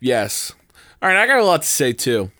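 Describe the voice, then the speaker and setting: A tired man co-hosting a comedy podcast, rambling through a story, his voice jumping up and down in pitch and loudness. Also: very animated, moderate pace, no room sound, studio quality. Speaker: podcast co-host.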